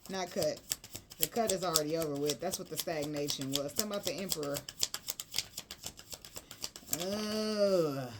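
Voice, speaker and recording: A woman's voice: low voice, moderate pace, long pauses, heavy background noise. A woman reading tarot cards in a chatty, emotional, colloquial way. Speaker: tarot reader.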